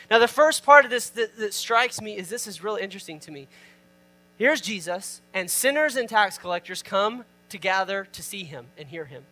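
A man's voice: high-pitched, animated, normal speed, sharp tone, faint music behind. A man preaching an informal sermon. He reads scripture aloud, explains it, and asks the listeners questions. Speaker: pastor. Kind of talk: conversational sermon.

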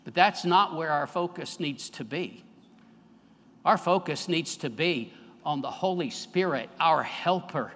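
Middle-aged male pastor, emphatic sermon delivery, high bright voice, long hall reverb. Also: a little slow. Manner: emphatic preaching with big swings in loudness.

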